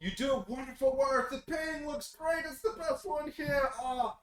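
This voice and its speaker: A man voicing a smarmy, glad-handing male radio pundit who talks loudly and gushes. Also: very high-pitched, normal speed, pitched above the performer's own voice. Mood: gushing. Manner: loud, gushing, backslapping. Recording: roomy, distant mic, faint noise.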